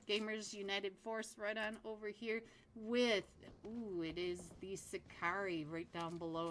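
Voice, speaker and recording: Bright-voiced woman casting a live esports match. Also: mid-range voice, slight background noise. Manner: chatty and playful, laughs often, talks to chat. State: hoarse. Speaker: esports caster and streamer. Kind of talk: live game commentary.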